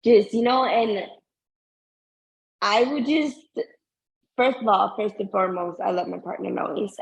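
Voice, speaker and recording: A woman co-hosting a casual podcast chat, talking about her marriage in a heartfelt, drawn-out way. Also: mid-range voice, fairly even intonation, vocal fry, rough recording. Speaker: podcast co-host.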